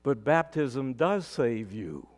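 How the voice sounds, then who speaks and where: A male pastor delivering a sermon, preaching with emphatic rises and sudden quiet drops. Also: medium pitch, big pitch swings, slow.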